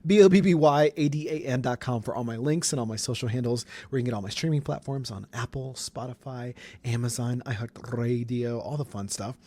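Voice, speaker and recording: A man's voice: mid-range voice, fairly quick, warm tone. A man hosting a podcast, chatting casually through celebrity news with wry asides and little chuckles. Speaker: podcast host. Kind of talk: casual pop culture podcast monologue. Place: Colorado studio.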